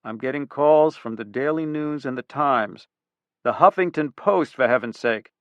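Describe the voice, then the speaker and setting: A man voicing a gruff, blustering middle-aged police chief who snaps out his orders. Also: mid-range voice, normal speed, no echo, muffled recording, natural voice. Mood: exasperated. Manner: snappish, barking.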